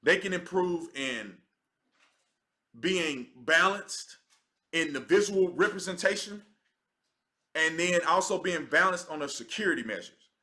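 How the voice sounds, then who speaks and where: A man, hosting a casual livestream. His voice sits high and swings widely as he talks in an emphatic, conversational way. The tone is bright and forceful. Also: expressive, measured pace, long pauses. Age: 30s. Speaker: livestream host.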